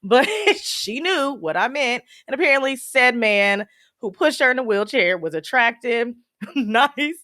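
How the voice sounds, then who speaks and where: A woman's voice: fairly high pitch, animated, a little slow, pushed and bright, no echo, studio quality. Chatty woman laughing through grief. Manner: laughs often while telling sad memories; many fillers like "you know" and "um". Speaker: podcast host. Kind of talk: personal storytelling, casual.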